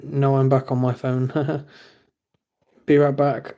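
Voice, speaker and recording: Mellow-voiced English man chatting on stream. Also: mid-range voice, little pitch movement, takes it slowly. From England. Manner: reads chat aloud and answers viewers with blunt teasing. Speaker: livestream host. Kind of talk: casual livestream chat.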